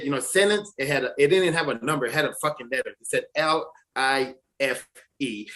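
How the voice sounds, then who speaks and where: A man in his forties tells his story with a bright, tense edge to his slightly high voice. He curses freely and rambles, often restarting his sentences with stammers. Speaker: interview guest, former prisoner. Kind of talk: casual storytelling.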